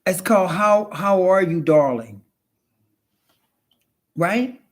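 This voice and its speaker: A man's voice: high-pitched, lively intonation, slow pace. A man in a casual storytelling monologue, flamboyant and chatty, calling his listener honey and child, rambling with restarts and swearing as he goes.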